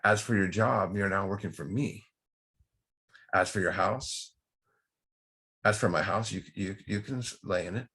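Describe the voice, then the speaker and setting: A man voicing God as a calm older male figure in a told parable, bargaining at first and then gentle. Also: lowish voice, unhurried, pauses often, breathy edge, full character voice. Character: stern but kind God, older male.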